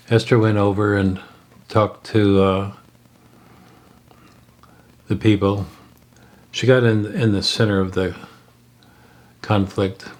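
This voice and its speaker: Slow, low-voiced man telling a story. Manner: halting, with frequent fillers and restarts. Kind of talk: unscripted spoken storytelling.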